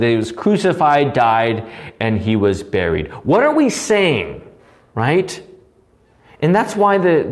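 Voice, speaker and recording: A man teaching catechism as a pastor, preaching with passion, at times rising almost to a yell and then dropping quietly, recorded live on his own with no audience present. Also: medium pitch. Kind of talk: recorded live Bible study sermon.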